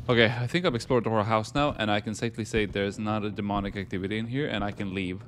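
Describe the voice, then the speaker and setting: A man giving jokey let's-play commentary on a horror game, talking to himself and breaking into panicked yelling. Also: fairly low pitch, steady tone, fast, few pauses, slight background noise. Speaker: gaming YouTuber.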